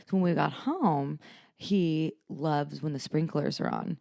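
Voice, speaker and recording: A young woman co-hosting a podcast, telling lively stories about her toddler with frequent laughter. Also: deep voice, normal speed, vocal fry, no echo, clean studio sound. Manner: animated storyteller, laughs often. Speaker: podcast co-host. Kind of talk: casual chat.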